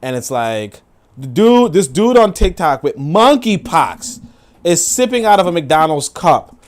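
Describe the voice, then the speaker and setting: A man's voice: a little high, big pitch swings, a little slow. A man hosting a livestream, reacting to viewer comments and clips in a rambling, profane, casual way. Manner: rambling, profane, laughing asides. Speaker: livestream host.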